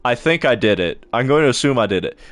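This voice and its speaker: A man's voice: medium pitch, lively intonation, fast. A young man chatting casually to his live-stream audience while playing a game, stumbling over words as he talks.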